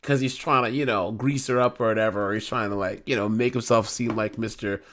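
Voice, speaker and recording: A man's voice: on the low side, fairly even intonation, fairly quick, fairly bright tone, a little hiss or hum. A man hosting a casual true-crime commentary, talking in a loose, rambling way full of fillers.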